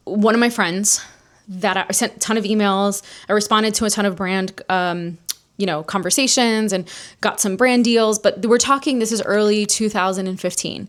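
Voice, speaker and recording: Fast-talking woman telling a candid story. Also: mid-range voice. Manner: animated, candid storytelling with quoted dialogue. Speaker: podcast host. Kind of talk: solo storytelling podcast.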